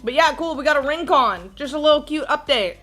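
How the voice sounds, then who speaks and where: A woman's voice: high voice, lively intonation, fairly quick, fairly bright tone, faint music behind. A young woman vlogging in a casual, chatty way, leaning on "like" a lot, first at home and later at a gym. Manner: chatty, bubbly, says "like" often. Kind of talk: casual vlog chat.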